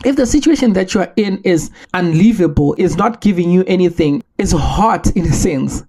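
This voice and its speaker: A man from Zimbabwe, hosting a solo podcast and making his case in an earnest, measured way with rhetorical questions. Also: high-pitched, lively intonation, a little mellow. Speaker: podcast host.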